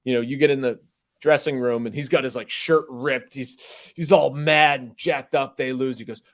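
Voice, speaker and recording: A man with an everyday mid-range voice co-hosts a sports podcast as a journalist. He tells stories quickly and modestly, sprinkling in "you know". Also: mid-range voice, fairly even intonation. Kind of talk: casual sports podcast chat.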